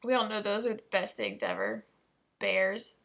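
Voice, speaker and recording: A woman's voice: medium pitch, sing-song, moderate pace, a bit bright. A woman reading tongue twisters aloud and commenting on them in a playful, exasperated way, often breaking off mid-sentence. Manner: playful, exasperated, self-interrupting asides.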